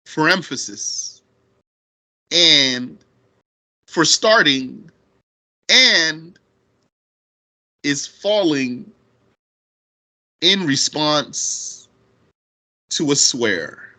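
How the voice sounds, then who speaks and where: A man teaching Arabic grammar in at a very unhurried pace, his voice bright and a little high. He repeats each term and asks rhetorical questions as he walks through a verse. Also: animated. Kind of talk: explaining grammar on a recorded lesson.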